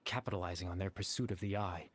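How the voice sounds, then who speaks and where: A man voicing a gentle young man who exists only in people's memories, explaining things in a calm, measured way in a game cutscene. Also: deep voice, heavy background noise, natural voice. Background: faint game music.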